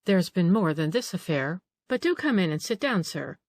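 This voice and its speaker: A woman's voice: on the low side, big pitch swings, normal speed, a little mellow, no room sound. A woman reading an audiobook, voicing an old female housekeeper who grumbles, frets and takes offence easily. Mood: fretful.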